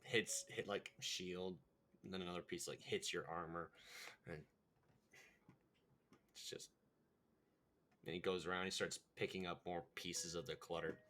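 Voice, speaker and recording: A man's voice: low-pitched, flat delivery, measured pace, long pauses, bright, forceful tone, slight background noise. A man narrating a tabletop game as game master, loosely and in the moment with many fillers.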